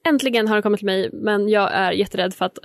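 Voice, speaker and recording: A woman with a medium-pitched voice talks fast. As a podcast co-host, she keeps the chat casual, playful and teasing.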